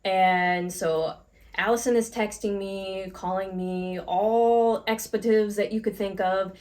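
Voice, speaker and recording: A woman co-hosting a podcast, telling a workplace story in a frank, animated way and swearing casually. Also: medium pitch, slow pace. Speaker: podcast co-host.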